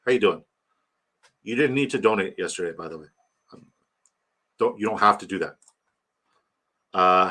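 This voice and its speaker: A man's voice: deep voice, moderate pace, pauses often, sharp tone. A man hosting a casual livestream, rambling about his draft, reading chat aloud and hyping a giveaway. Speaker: livestream host.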